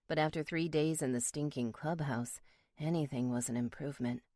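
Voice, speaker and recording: A woman narrating a first-person romance audiobook in a steady, measured way. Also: deep voice, dry recording, clean studio sound.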